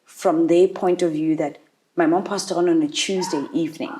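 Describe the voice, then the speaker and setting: A woman with a low voice speaks as an interview guest. She tells a painful personal story haltingly, circling back and restarting her sentences as the emotion comes through. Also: fairly even intonation, warm tone, a little hiss or hum.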